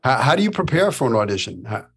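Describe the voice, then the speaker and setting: A man's voice: medium pitch, very animated, quick pace, close to an everyday voice. A man hosting an interview, affirming and conversational. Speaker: podcast host.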